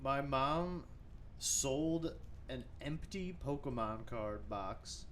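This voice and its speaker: A man's voice: mid-range voice, expressive, a bit bright, a little hiss or hum. Teasing young man on a podcast. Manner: teasing, profane, quick reactions. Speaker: podcast co-host. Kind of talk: casual chat.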